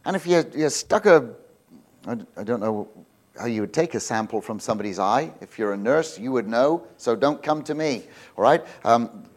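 A man's voice: mid-range voice, animated, normal speed. A man giving an informal, jokey sermon, rambling with many restarts. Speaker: visiting preacher.

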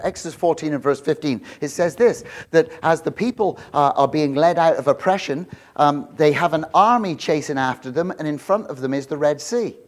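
A man preaching a sermon in a conversational, joking way, building to loud, repeated emphatic lines. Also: fairly high pitch. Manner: jokey asides, laughs with congregation. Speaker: pastor.

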